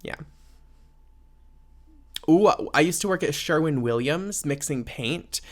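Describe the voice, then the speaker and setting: A man's voice: a little high, lively intonation, takes it slowly. A man hosting a casual solo podcast, rambling and sarcastic with plenty of fillers. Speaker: podcast host.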